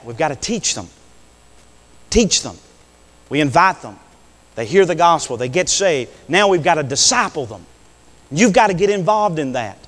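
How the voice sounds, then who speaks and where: Male preacher, fairly high voice, sermon in a reverberant church, repeats lines, calls for amens. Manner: repeats phrases, asks the congregation "amen?"; swings from soft storytelling to shouted climaxes. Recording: echoey hall reverb.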